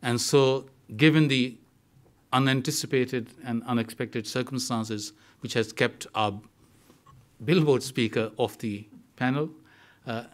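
A man's voice: medium pitch, a little slow. Man chairing a panel, introducing a speaker. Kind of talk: formal introduction. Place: conference hall.

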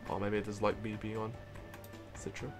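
A man's voice: lowish voice, completely flat delivery, a little fast, vocal fry, soft background music. A young man live-streaming a video game, joking, swearing casually and laughing often. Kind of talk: live-streamed let's play.

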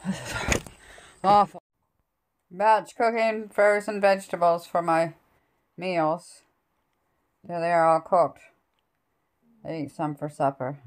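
A Canadian woman vlogs casually on a handheld phone camera, first out of breath from outdoor work at a rural woodpile, then indoors at home. Chatty and often laughing, she coos to her cats in a sweet baby voice. Her voice is lowish with fairly even intonation, slow with long pauses, and there's no room sound.

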